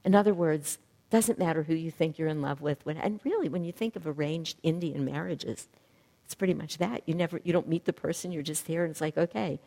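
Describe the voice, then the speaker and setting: Low-voiced woman giving a spiritual talk. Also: fairly quick, warm tone, long reverb tail. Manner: reflective, searching for words. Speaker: spiritual teacher.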